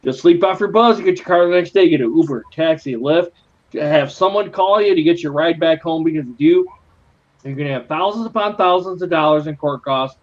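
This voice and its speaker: A man's voice: on the high side, brisk. Buzzed, tired man with lo-fi sound. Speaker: guest on a live stream. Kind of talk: casual chat.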